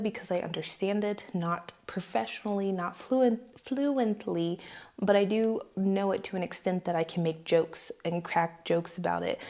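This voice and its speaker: A young woman from the United States talks to camera in her vlog. Her somewhat low voice stays earnest and explanatory as she lays out her points. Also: darkish tone. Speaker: vlogger. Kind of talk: talking to camera.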